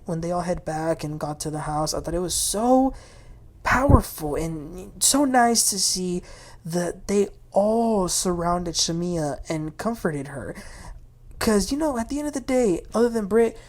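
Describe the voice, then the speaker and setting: A woman's voice: fairly low pitch, animated, unhurried, darkish tone. A woman hosting a casual, opinionated recap of a reality TV episode. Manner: chatty, opinionated, quotes the cast. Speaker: TV recap host.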